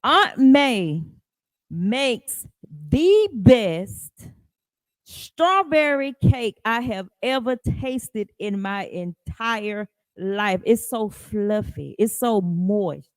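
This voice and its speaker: Brief: woman podcast host, casual and animated, mid-pitched, dry close sound. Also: drawn-out words, no echo. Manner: chatty, greets live viewers by name. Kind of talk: casual live podcast chat.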